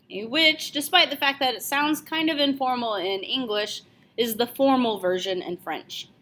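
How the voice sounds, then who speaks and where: Higher-voiced woman teaching French. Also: sharp tone. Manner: clear, deliberate, repeats phrases slowly. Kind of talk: video language lesson.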